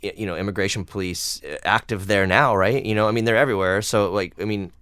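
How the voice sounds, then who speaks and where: A man hosting a podcast, chatting casually and telling rambling, animated stories. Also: fairly low pitch, fast talker, clear, resonant tone, dry recording, clean studio sound. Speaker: podcast host. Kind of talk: casual interview chat.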